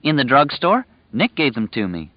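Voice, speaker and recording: A man's voice: medium pitch, very animated, moderate pace, no room sound, pitched above the performer's own voice, close to an everyday voice. A man voicing a simple-minded, childlike grown man who talks urgently and repeats himself, in an audiobook. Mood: insistent. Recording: dull lo-fi dry recording.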